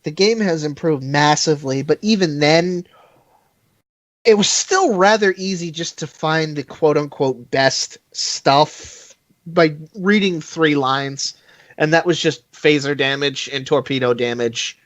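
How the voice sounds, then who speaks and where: A man's voice: fairly high pitch, unhurried, no room sound. A man chatting casually as a podcast guest, rambling and self-deprecating, with many fillers and restarts. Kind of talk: casual chat over a call.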